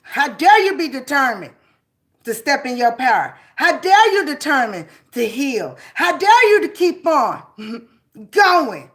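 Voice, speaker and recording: A jealous, spiteful rival taunts in a raised, louder voice, as a woman puts the rival on. The lines come slowly and jeer, broken up by laughter. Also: extremely high pitch, sing-song, pitched above the performer's own voice, heavily acted. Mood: taunting. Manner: taunting, defiant, laughing between phrases.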